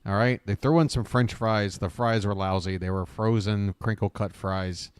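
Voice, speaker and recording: A rambling American man hosts a casual live stream and talks to his viewers in the chat by name. His voice sits low and sounds smooth and clear. The sound is dry and close, with almost no room echo. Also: steady tone, moderate pace. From United States. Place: home abroad, living in Bangkok.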